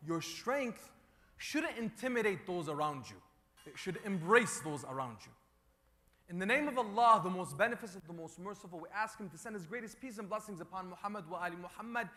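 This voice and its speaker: High, bright man preaching in a hall. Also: animated, normal speed. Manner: leads the crowd in repeated chants, rising to loud calls. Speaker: speaker at a religious gathering. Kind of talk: sermon with call-and-response. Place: large hall before a gathering. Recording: long hall reverb.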